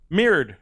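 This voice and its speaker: A middle-aged man doing stand-up, telling animated stories about his kids and slipping into soft, earnest asides. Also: high voice, slightly rough. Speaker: stand-up comedian. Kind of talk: stand-up comedy storytelling.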